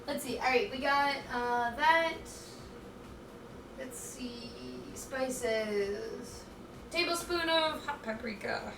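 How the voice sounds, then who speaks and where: A woman's voice: high voice, slow, reverberant, distant mic, noisy background. A woman streamer chatting casually with her viewers as she cooks at home, reading chat aloud in a scattered, playful way. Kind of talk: casual chat while cooking. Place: home kitchen.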